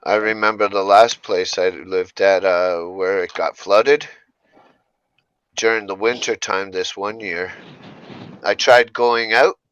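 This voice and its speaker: A man's voice: lowish voice, steady tone, slow pace, fairly bright tone, smooth. A man from Canada joking around in casual chat, swearing freely. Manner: joking, profane. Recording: dull dry lo-fi audio.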